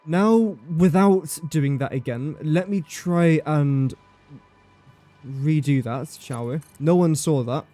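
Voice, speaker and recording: A man's voice: on the high side, slow, mellow, soft background music. A young man livestreaming a building game, chatting casually and joking at his own expense while he talks to the pieces he places. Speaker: livestreaming gamer.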